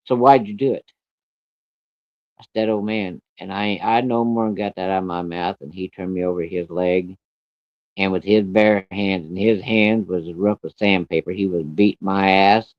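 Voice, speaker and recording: Low-voiced man telling a blunt story. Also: steady tone, normal speed, dry recording. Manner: plain-spoken, blunt, cursing. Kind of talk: personal storytelling. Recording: dry, dull lo-fi recording.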